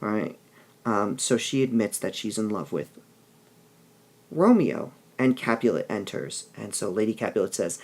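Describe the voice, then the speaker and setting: A man's voice: fairly low pitch, animated, normal speed, a little mellow, husky. A male teacher explaining a play in a recorded lesson, checking in with "all right?" as he goes. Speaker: English teacher.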